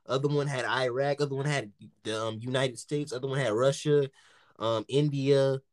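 Laughing frequently and swearing as he goes, a man recounts a story in casual chat and acts out others' lines with animation. He speaks at a moderate pace in a medium pitch, recorded in studio quality with no room sound.

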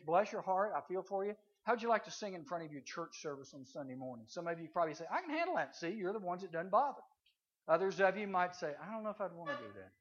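A man, speaking at a chapel to junior high students in a folksy, animated storytelling sermon. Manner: animated, folksy, acts out voices. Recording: slightly dull, faint hiss.

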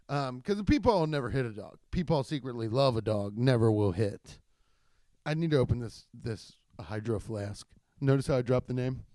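Young male podcast host, slightly high voice, rambling cursing storyteller, dry booth. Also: dry recording. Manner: rambling, profane, animated storytelling with jumpy energy. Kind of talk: casual solo podcast monologue.

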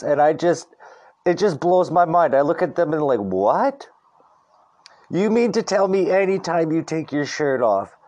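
A man's voice: a little high, a little mellow. A middle-aged man hosting a podcast alone, ranting in a rambling, profane, slangy way, full of "dude" and "like". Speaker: podcast host. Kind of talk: casual solo podcast rant.

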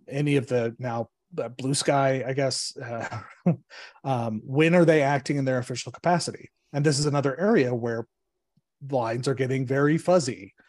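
A man, an attorney guest, explaining legal cases in a measured way, pausing often on ums and uhs. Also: mid-range voice, darkish tone, no echo.

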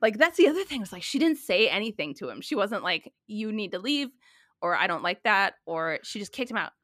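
A woman in her thirties in casual chat, telling a story with lively quoted dialogue. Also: medium pitch, brisk, no echo, studio quality.

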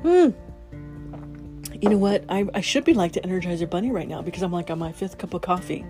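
A woman hosting a casual morning podcast, bubbly and quick to laugh. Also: mellow, soft background music. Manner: bubbly, laughs often, talks to her dog in a high baby voice. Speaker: podcast host.

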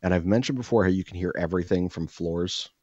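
A podcast host with a low, deep, slightly rough and a little mellow voice tells a story in casual chat, rambling quickly with lots of "like" fillers and crude jokes. His pitch leaps up when he acts out quoted lines. The mic is close, dry and slightly dull, with no echo.

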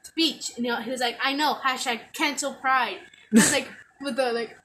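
A woman's voice: high-pitched, steady tone, normal speed, sharp tone, a little hiss or hum. A teenage girl telling a rambling story to friends, giggling and full of fillers. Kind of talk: casual chat.

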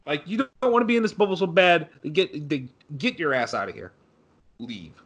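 A man's voice: fairly high pitch, sing-song, moderate pace, fairly bright tone. A young man co-hosting a casual sports podcast, sarcastic and ranting, swearing freely. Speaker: podcast co-host.

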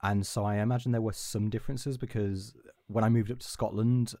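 A man's voice: on the low side, fairly even intonation, a little fast, dark tone, no echo. A man from England co-hosting a podcast, rambling and restarting as he tells a story. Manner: rambling, self-interrupting storyteller. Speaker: podcast co-host. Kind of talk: casual chat.

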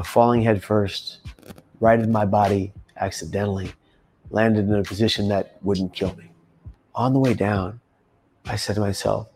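A man in his thirties telling his own story in an emphatic testimony, rising to loud intense bursts. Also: fairly low pitch, slight background noise. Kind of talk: personal testimony monologue.

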